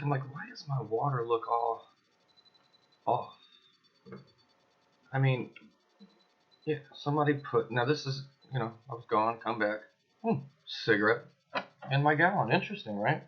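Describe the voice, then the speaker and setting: Man ranting emphatically in dull lo-fi audio. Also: medium pitch. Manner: emphatic, accusatory, with suspicious asides. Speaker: video blogger. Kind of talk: casual ranting monologue to camera. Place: his apartment.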